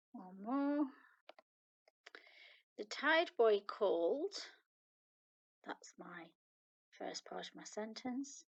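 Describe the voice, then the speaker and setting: A woman's voice: mid-range voice, rough recording. A woman primary school teacher with a British accent, patiently reading example sentences aloud in a recorded online lesson for children. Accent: British English.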